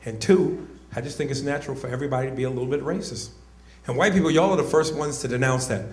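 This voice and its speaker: A man doing stand-up comedy, loud and animated, often shouting. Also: medium pitch, quick pace. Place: comedy club stage. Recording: echoey club with crowd noise.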